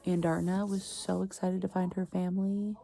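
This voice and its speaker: A woman's voice: lowish voice, flat delivery, moderate pace, creaky, warm tone. A young woman vlogging as she reads, reacting emotionally and often dropping into a whisper while she retells the plot loosely. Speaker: book vlogger. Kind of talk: casual reading-vlog commentary.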